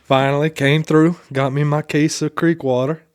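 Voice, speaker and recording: A man co-hosting a casual podcast, telling loose, rambling stories packed with profanity. His voice is smooth and resonant, and the sound is dry and close. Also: fairly high pitch, flat delivery, moderate pace, dry recording. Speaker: podcast co-host. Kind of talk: casual chat and storytelling.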